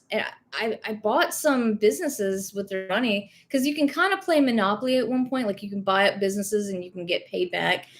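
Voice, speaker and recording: Young woman, light Southern accent, slightly high voice, chatty, rambling livestream talk. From rural American South. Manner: chatty and rambling, many fillers and self-corrections. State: has Covid. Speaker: livestream host, reseller. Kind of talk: casual livestream chat reading viewer comments.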